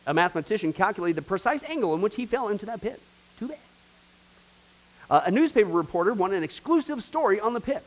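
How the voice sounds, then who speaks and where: A man's voice: high voice, lively intonation, fast, low-quality recording. A man teaching a church discipleship class in an emphatic preaching style, repeating phrases and talking straight to the group. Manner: emphatic, repetitive, addresses the class directly.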